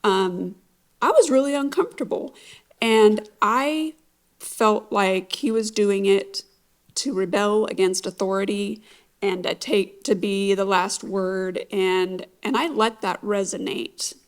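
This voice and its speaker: A middle-aged woman recounting a hard time in her marriage, halting and reflective, with many pauses. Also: mid-range voice. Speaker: conference guest speaker. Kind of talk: personal testimony.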